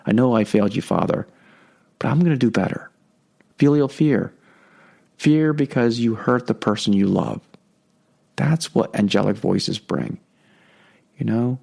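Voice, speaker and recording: A man's voice: medium pitch, gravelly, a little mellow. A man hosting a podcast, giving a conversational religious talk and often checking in with "okay?". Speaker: podcast host.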